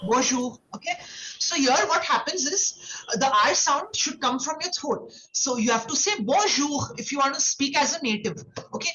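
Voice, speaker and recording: High-voiced woman teaching over a dull call. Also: expressive, normal speed, sharp tone, a little hiss or hum. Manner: explains patiently, with many "okay"s and tag questions. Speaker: French teacher. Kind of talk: online classroom instruction.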